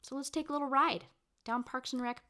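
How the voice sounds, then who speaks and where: A woman's voice: high voice, steady tone, brisk, bright, forceful tone. A woman co-hosting a podcast in casual chat, upbeat and giggly, leading the segments. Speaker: podcast co-host.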